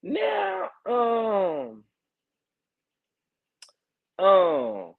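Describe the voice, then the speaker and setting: A man hosts a relaxed livestream, reading comments aloud and reacting with bursts of laughter and repeated, drawn-out exclamations. His voice sits a little high. The audio is thin and tinny, like a phone line. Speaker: livestream host.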